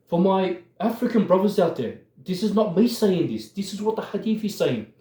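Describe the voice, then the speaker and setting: A man with a high yet mellow, dark-toned voice gives fired-up religious commentary. He speaks with heavy emphasis and keeps calling out to his listeners. The sound carries a roomy echo. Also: sing-song, moderate pace. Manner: emphatic, worked up, repeatedly addressing listeners.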